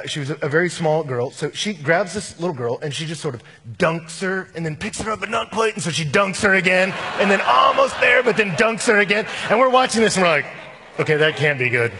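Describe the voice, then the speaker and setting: A middle-aged male pastor preaching a sermon, telling a personal story with animated, acted-out voices in a church sanctuary. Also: on the high side, big-room sound.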